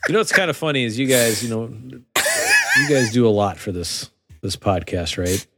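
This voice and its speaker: Man with a very lively voice. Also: mid-range voice, normal speed, heavy background noise. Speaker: podcast co-host. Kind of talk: casual chat.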